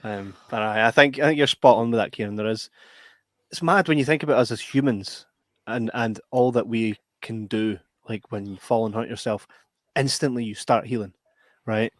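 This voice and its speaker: A man's voice: on the low side, normal speed, no echo, studio quality. A man co-hosting a podcast in casual chat, repeating himself for emphasis, heard over a video call. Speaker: podcast co-host.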